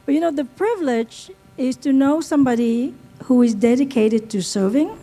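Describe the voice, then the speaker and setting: A woman's voice: high voice, expressive, moderate pace, hardly any pauses, warm tone, low-quality recording. A woman hosting an event at a hotel, introducing the next speaker in a playful way. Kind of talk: introducing a guest on stage.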